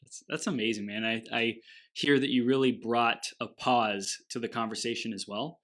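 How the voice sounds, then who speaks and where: A man's voice: mid-range voice, steady tone, normal speed, fairly bright tone. A man hosting a casual interview podcast, listening closely and chiming in with short affirmations. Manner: attentive, frequent short affirmations. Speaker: podcast host.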